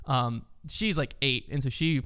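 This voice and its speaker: A man's voice: medium pitch, measured pace. A man co-hosting a casual chat podcast, telling stories animatedly and acting out little kids' lines. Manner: animated storyteller, acts out kids' voices. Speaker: podcast co-host.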